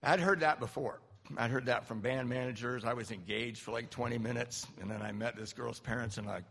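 A man in his fifties from Southern California, speaking at a recovery meeting and telling a personal story in an animated, self-mocking way. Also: medium pitch, a little fast, creaky. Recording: reverberant hall.

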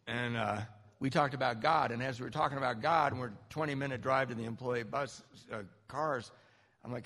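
A middle-aged man giving a personal recovery testimony, animated storytelling with acted-out quotes. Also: mid-range voice, a little fast. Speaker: speaker sharing a recovery story. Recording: long hall reverb.

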